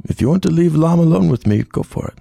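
A man voicing a scheming older alien pirate, a father who talks smooth and sly. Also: fairly high pitch, animated, fast talker, dark tone, dry recording, clean studio sound, pitched above the performer's own voice, full character voice.

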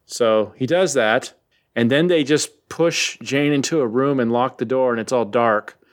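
A man's voice: medium pitch, unhurried. A man co-hosting a podcast, casually recapping a comic with jokes and rambling asides. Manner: joking, rambling. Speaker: podcast co-host.

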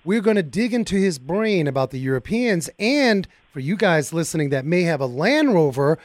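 A man hosting a car talk radio show, chatting in a folksy, excitable way and speaking straight to his listeners from a studio mic. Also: a little high, moderate pace, no room sound.

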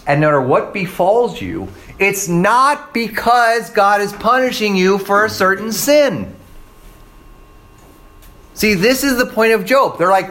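A man preaching a sermon with a slightly higher voice than most men. He talks in a casual, conversational way, stops to ask "right?", and acts out quoted voices. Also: expressive, unhurried, pauses often, fairly bright tone. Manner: checks in with "right?" and "okay?". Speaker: pastor.

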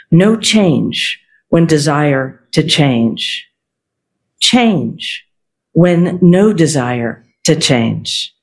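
A Zen teacher delivers a meditative dharma talk at an extremely unhurried pace. The voice sits at a middle pitch and stays calm and contemplative, leaving long silences between phrases.

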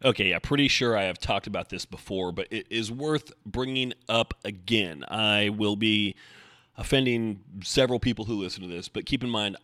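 A man's voice: fairly low pitch, fairly bright tone, no room sound, clean studio sound. A man hosting his own podcast from home, talking alone in a blunt, profane, ranting way. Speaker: podcast host. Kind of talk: solo podcast monologue.

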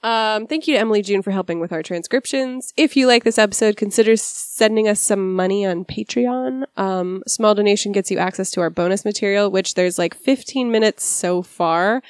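A woman's voice: medium pitch, normal speed, few pauses, smooth, no room sound, studio quality. A woman in her thirties hosting a podcast, wry and often laughing, reading the show outro with some apology. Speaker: podcast host. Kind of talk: casual chat and show outro.

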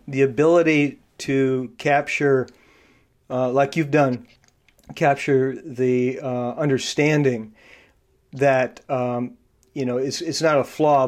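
A male podcast host who explains personality traits in a coaching tone, with frequent fillers and restarts. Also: medium pitch. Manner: halting, many fillers and restarts. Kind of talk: casual interview.

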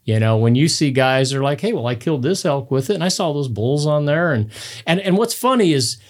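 A middle-aged man telling hunting stories on a podcast in casual chat, his voice jumping up high when he gets excited. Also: brisk. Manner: animated storyteller, voice jumps high when excited. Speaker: podcast guest.

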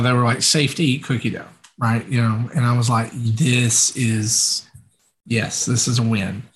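A man telling a story on a podcast in a relaxed, chatty way, with plenty of fillers. He acts out the lines people said in the story. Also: mid-range voice. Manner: animated, acts out quoted dialogue, many fillers. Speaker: podcast co-host. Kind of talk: casual anecdotal storytelling.

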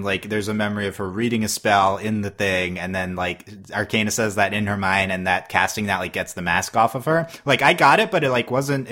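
A man's voice: low voice, a bit bright. A man hosting a casual podcast chat, rambling with lots of fillers and small chuckles. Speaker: podcast host.

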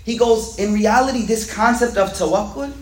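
A man with a high voice leads a casual religious lesson, and his speech rings around an echoey room. He rattles off Arabic text at speed, then breaks it down in slangy street English. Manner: reads Arabic lines quickly, then explains them in slangy everyday English. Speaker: teacher of a weekly Islamic class.

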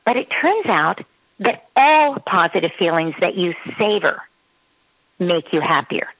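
A woman's voice: fairly low pitch, sing-song, unhurried, a bit bright, dry recording, low-quality recording. Woman parenting expert explaining stuff, close dry mic, acts out her kid's voice. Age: adult parent. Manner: acts out a child's voice in quotes. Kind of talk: casual advice talk.

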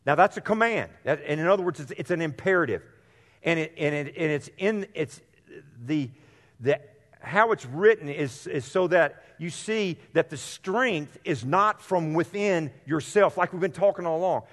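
A man's voice: a little high, moderate pace, fairly bright tone. A man preaching a sermon as pastor, earnest and direct with his congregation, repeating phrases for emphasis. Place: church sanctuary. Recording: long hall reverb.

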